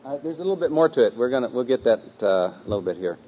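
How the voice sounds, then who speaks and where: This is a group teaching session where a man leads a live roomful of people in memorizing scripture, unhurried and patient, slowly repeating phrase after phrase in a shared chant and dropping in the occasional easy filler. His pitch is ordinary mid-range for a man, and the dull, lo-fi recording carries background noise.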